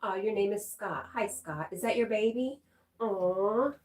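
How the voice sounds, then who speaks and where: A woman's voice: medium pitch, measured pace, a little mellow. A middle-aged woman hosting a casual livestream, chatting and answering viewer comments with giggly asides. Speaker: livestream host.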